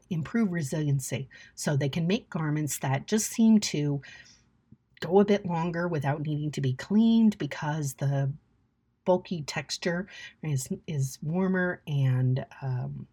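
A woman with a low, slightly husky voice hosts an educational podcast. She talks in a chatty, lively way, breaking into playful asides and often checking in with "right?". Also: takes it slowly. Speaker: podcast host.

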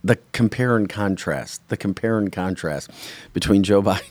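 A man hosting a casual political talk podcast, blunt and opinionated, rattling off quick asides. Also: on the low side, a little mellow, no echo. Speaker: podcast host.

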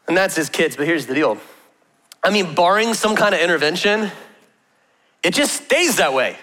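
Male pastor in his thirties, high and bright, chatty storyteller with a joking edge; long hall reverb. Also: expressive, moderate pace. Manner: chatty storytelling with humor and rhetorical questions. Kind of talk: conversational sermon.

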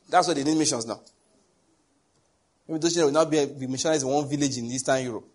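A man's voice: on the high side, quick pace, pauses often. A middle-aged Nigerian man preaching a sermon, telling stories and acting out the dialogue. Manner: animated storytelling, acting out dialogue.

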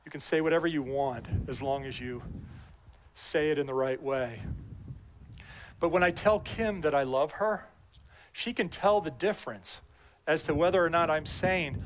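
A man's voice: on the high side, normal speed, pauses often, slight background noise. A middle-aged pastor preaching a sermon in a conversational way, repeating his key phrases and adding personal asides.

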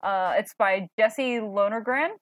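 A woman's voice: mid-range voice, measured pace, no room sound. A woman co-hosting a comic book podcast, chatting casually in a rambling way. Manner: chatty, rambling, many fillers and restarts. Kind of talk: casual chat.

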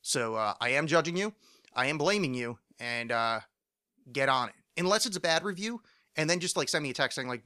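A man's voice: a little high, animated, fairly quick, sharp tone, no room sound. A man hosting a solo podcast, rambling and self-mocking with many fillers and profanity, his throat a bit phlegmy. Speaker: podcast host. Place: home studio.

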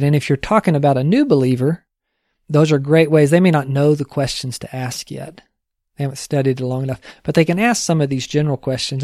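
A man's voice: on the high side, a little mellow, dry recording, clean studio sound. A man teaching in an earnest, conversational sermon style, often posing rhetorical questions. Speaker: pastor teaching discipleship.

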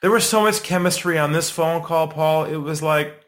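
A middle-aged man, a sales trainer and podcast guest, telling a story in an animated way and acting out quotes to build suspense. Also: fairly high pitch, normal speed.

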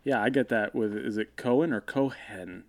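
A man's voice: mid-range voice, brisk. A man co-hosting a podcast in casual chat, laughing often and chiming in. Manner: laughs often, lively interjections. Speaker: podcast co-host.

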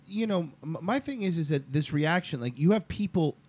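A man's voice: a little high, expressive, moderate pace, a little mellow. A man in a casual talk show discussion, emphatic and stumbling over repeated words when heated.

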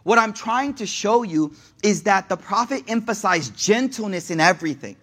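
Young male preacher, high voice, animated and off-the-cuff, talks straight to the audience. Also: normal speed. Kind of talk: casual sermon.

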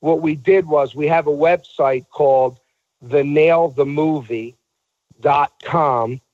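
A man's voice: fairly high pitch, takes it slowly, dry recording, phone-quality sound. A man telling a story in a casual talk show, acting out the voices of the people he quotes.

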